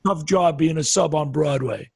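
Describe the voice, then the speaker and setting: Husky high-voiced jokey male host. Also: normal speed, no echo, studio quality. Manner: jokey, animated storyteller, laughs often. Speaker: interview host, fellow musician. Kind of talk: casual video interview.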